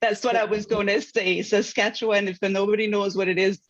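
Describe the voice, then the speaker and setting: Woman host, mid-pitched, responsive and affirming, dull lo-fi audio. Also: flat delivery, brisk. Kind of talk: conversational interview.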